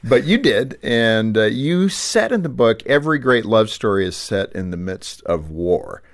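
A man's voice: lowish voice, big pitch swings, a little slow. A man hosting an interview, asking questions and joking playfully with his guests. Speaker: host.

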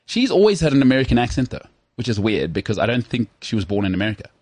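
Husky South African man, casual chat. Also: mid-range voice, racing, no room sound. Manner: animated, jumps into mock voices. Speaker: podcast co-host.

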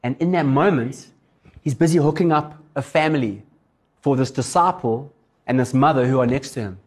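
A man's voice: mid-range voice, moderate pace. A man preaching, telling stories animatedly and acting out the people in them. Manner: animated, acts out voices in his stories. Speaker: pastor. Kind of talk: storytelling sermon.

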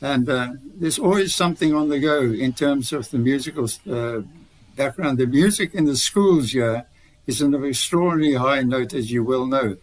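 A man's voice: medium pitch, normal speed, low-quality recording. A retired man telling stories as a radio guest, rambling with many restarts. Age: older. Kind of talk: radio interview.

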